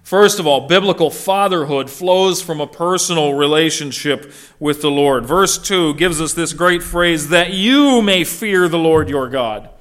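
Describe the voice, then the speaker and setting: A middle-aged male pastor preaching a sermon in an earnest voice that sits somewhat high for a man. He keeps turning to his listeners with rhetorical questions. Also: fairly bright tone.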